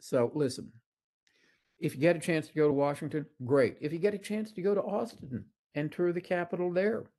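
A man's voice: on the high side, brisk, darkish tone. A man, a college professor giving a casual lecture that wanders into anecdotes, with many "uh"s and restarts. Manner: rambling storyteller with frequent "uh" and restarts.

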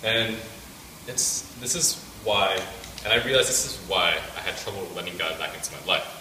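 A man's voice: low voice, lively intonation, normal speed, sharp tone, a little hiss or hum. A young man casually telling a personal faith testimony to a student group, rambling with many fillers. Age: young adult. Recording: echoey room picked up from a distance.

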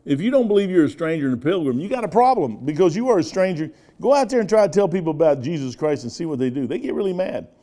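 A man's voice: on the high side, animated, fast, few pauses, warm tone. A man in his sixties, a pastor with a Midwestern American accent, preaching a sermon in a folksy, rambling storytelling way with asides. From United States. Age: 60s.

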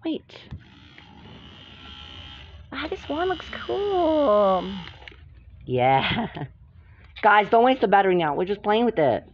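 A woman performing the voices of several bickering girls in a home-made doll drama. She jumps quickly between characters, gasping and shouting through the arguments. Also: medium pitch, very animated, slight background noise. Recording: dull lo-fi home recording.

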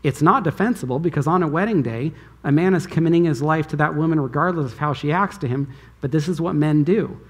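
A man's voice: on the high side, fast, slightly rough. A male pastor giving a conference sermon, preaching with emphasis and asking the audience rhetorical questions. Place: church conference hall.

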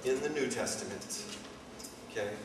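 A man's voice: mid-range voice, normal speed. Man preaching in a very echoey hall. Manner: casual, chatty retelling with asides and okays. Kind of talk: informal sermon. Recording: very echoey, distant mic, faint noise.

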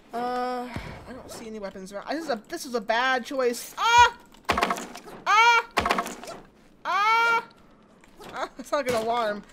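Animated woman chatting over gameplay. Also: a little high, heavy background noise. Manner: chatty, jokey, shrieks when startled. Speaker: gaming video host. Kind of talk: casual gameplay commentary.

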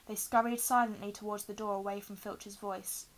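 A woman reading a children's novel aloud, telling it expressively and giving the quoted lines lively voices. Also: medium pitch, moderate pace, rough recording. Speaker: reader.

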